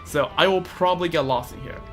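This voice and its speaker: A man's voice: on the high side, a little fast, a bit bright, faint music behind. A young man rambling casually while he plays a game, often stammering and repeating words. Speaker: streamer playing a game. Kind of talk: casual gameplay commentary.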